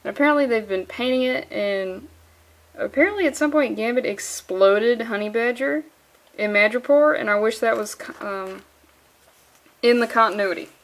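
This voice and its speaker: A woman's voice: fairly high pitch, moderate pace. A woman giving a casual comic book review, exasperated, sarcastic and swearing freely.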